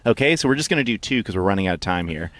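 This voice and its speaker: A man co-hosting a comedic guessing game, brisk and quick to laugh. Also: on the low side, lively intonation, fairly bright tone, dry recording. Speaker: co-host.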